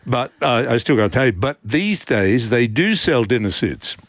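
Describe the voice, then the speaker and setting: A man's voice: mid-range voice, sing-song, a little slow, no room sound. A man co-hosting a casual radio chat, telling stories in a dry, understated way. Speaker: radio co-host.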